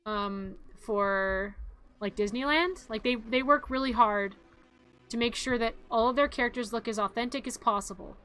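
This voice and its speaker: A woman streamer in a casual, animated rant, exasperated and laughing between complaints. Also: on the high side, moderate pace, smooth, faint music behind.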